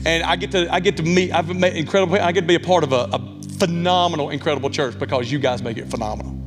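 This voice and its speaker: A thirties-aged pastor with a Southern Alabama accent delivers a folksy, candid sermon full of asides, his voice fairly high and rapid-fire. He speaks in a church sanctuary, and the recording carries long church reverb with music.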